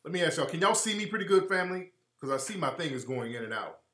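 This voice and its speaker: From home, a man runs a heated live stream, preaching his points and repeating them to drive them home. His somewhat high voice is bright and forceful, with big pitch swings and a quick pace, and the webcam mic catches a roomy echo.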